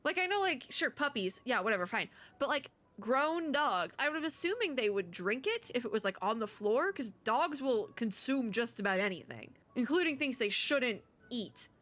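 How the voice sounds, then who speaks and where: A young woman plays through a game and reacts out loud, excitable and giggly, her bright voice leaping all over. She gushes freely between reading lines. The sound is close and clean, from a desk microphone at a home setup. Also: on the high side, normal speed, few pauses. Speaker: VTuber gamer. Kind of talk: let's play commentary.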